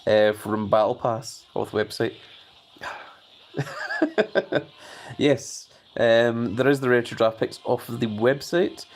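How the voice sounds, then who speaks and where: A man's voice: mid-range voice, steady tone, measured pace, few pauses, slight background noise. A man hosting a live stream, chatting casually and reading viewer messages aloud.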